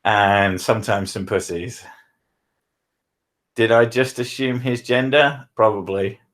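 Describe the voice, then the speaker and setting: A southern English man with a low voice, hosting a stream in casual, joking, sweary banter. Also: slow, fairly bright tone. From southern England. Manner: swearing, self-mocking, joking. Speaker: streamer, show host.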